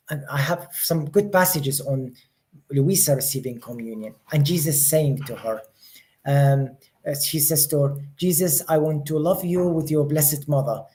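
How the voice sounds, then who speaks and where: A man's voice: a little high, darkish tone. Earnest man teaching a faith group. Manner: earnest, repeats words while searching for phrasing. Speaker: religious teacher. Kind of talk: spiritual teaching to a live group. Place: study day session room with listeners.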